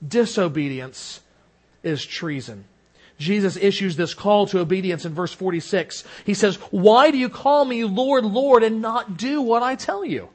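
A man preaching a sermon in an earnest way, rising for emphasis and dropping to soft, low endings. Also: moderate pace, few pauses. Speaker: pastor.

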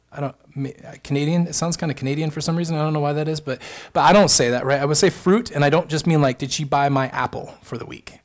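Fervent male preacher, higher-pitched voice. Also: darkish tone. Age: adult, married. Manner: emphatic, building to fervent repetition. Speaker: pastor. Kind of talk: sermon.

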